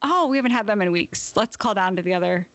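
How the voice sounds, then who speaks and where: A woman in casual chat, telling a profane, animated story full of laughs. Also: medium pitch, fast, no room sound.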